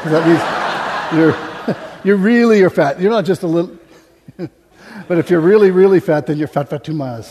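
A man's voice: a little high, a little mellow, slightly rough. An American man preaching a sermon from a stage microphone, telling funny stories and laughing often. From United States. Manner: humorous, anecdotal, laughs often. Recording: reverberant hall.

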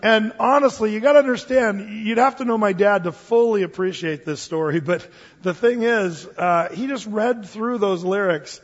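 A man preaching a sermon in a church, telling stories with animated delivery and acting out the voices of others. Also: sits high, in a large hall, lo-fi sound. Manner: animated storytelling, acts out quoted voices. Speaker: pastor.

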